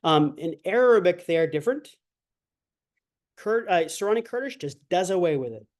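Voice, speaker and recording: High-pitched and expressive, this man talks at normal speed while teaching a language lecture online. He's chatty, digresses, uses many fillers, and acts out sounds with exaggerated voicing to show them.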